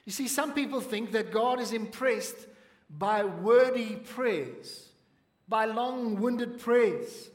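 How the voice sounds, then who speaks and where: Male pastor, high voice, slow deliberate delivery, emphatic, echoing church hall with long reverb. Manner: emphatic, has the congregation repeat phrases. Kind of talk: sermon.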